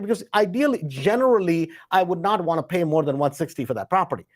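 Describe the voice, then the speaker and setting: A man's voice: high voice, lively intonation, brisk. Man talking shop, lots of "right?". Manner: conversational, frequent "right?" tag questions; acts out quoted inner voices. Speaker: host. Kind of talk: live Q&A talk.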